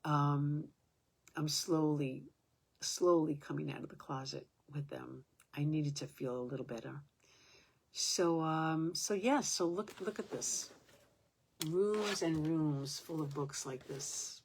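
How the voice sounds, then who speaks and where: A woman's voice: low voice, takes it slowly, creaky, husky. An older woman at home, talking to her own camera in a rambling, aggrieved way, with many fillers. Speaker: vlogger. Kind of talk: casual talk to camera.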